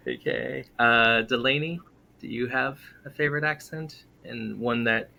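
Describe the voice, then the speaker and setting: A man's voice: medium pitch, slow pace, creaky, sharp tone. A man hosting an acting panel, laughing often and talking with many hesitations. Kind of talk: casual panel chat.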